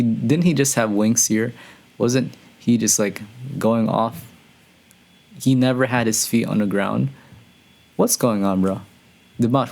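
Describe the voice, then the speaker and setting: Male reaction host with a lowish, gravelly voice, excitable and slangy, talking straight to viewers. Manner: breaks into excited high exclamations. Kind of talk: casual reaction commentary.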